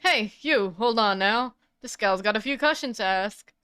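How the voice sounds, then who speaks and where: A woman's voice: mid-range voice, moderate pace, smooth, dry recording, clean studio sound, close to an everyday voice. A woman voicing a brash, folksy female paranormal photographer in a put-on Southern drawl while reading a game's dialogue aloud. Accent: put-on American Southern. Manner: loud, folksy, pushy.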